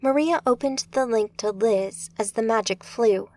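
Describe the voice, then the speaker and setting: A woman narrating an audiobook in a steady, measured way. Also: on the high side.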